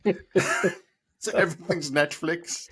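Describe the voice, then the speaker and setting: A man's voice: a little high, slow, fairly bright tone, slightly rough. A man co-hosting a podcast, casual and dryly teasing. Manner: dry teasing banter. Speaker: podcast co-host. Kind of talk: casual chat.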